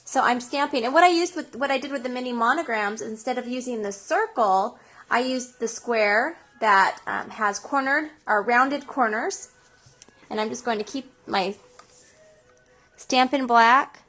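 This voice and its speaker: Bright-voiced woman hosting a craft tutorial. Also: on the high side, a little slow. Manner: step-by-step explaining. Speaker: craft show host.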